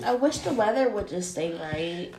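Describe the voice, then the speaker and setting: A woman co-hosting a casual podcast, teasing and quick to laugh. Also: medium pitch, lively intonation, a little mellow. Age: adult, parent of nearly ten-year-old. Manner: teasing, quick to laugh, playful put-downs. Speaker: podcast co-host. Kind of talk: casual chat. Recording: echoey room with audible background noise.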